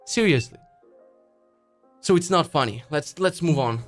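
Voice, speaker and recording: A man's voice: fairly high pitch, lively intonation, faint music behind. A man hosting a web development podcast, ranting casually and swearing a lot, often restarting his sentences. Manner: swears a lot, restarts sentences, mocks people in quick put-on asides. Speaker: podcast host. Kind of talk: casual profane rant.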